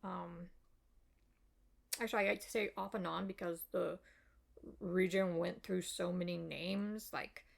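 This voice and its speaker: A woman's voice: mid-range voice, gravelly. A woman explaining history in a casual, rambling way, with many ums, uhs and apologetic asides. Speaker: video essayist.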